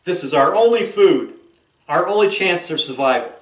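A man's voice: a little high, lively intonation, normal speed, lightly acted. A man putting on an exasperated young wife. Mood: pleading. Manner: pleading, nagging. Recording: roomy echo.

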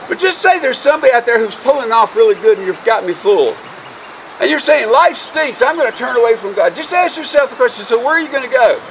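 A man's voice: very high voice, big pitch swings, brisk. A man preaching an Easter sermon outdoors as pastor, folksy and emotional, joking with his congregation. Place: outdoors by a road. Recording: distant mic, faint noise.

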